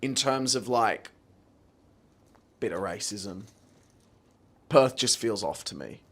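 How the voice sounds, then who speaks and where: A man's voice: lowish voice, lively intonation, slow pace. A man co-hosting a podcast, blunt and a bit riled up as he rants in casual chat. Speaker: podcast co-host.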